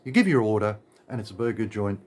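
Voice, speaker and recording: A man's voice: fairly low pitch, animated, fast talker, a little mellow. A man with an Australian accent, ranting in a rambling, exasperated way with lots of filler and restarts. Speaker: vlogger. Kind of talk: casual ranting monologue.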